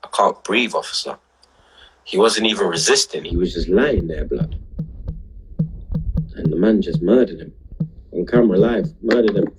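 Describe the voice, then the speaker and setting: Husky deep-voiced drunk man. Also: moderate pace, pauses often, poor audio. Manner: rambling, emotional, heavy street slang. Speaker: livestream host. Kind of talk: casual livestream chat.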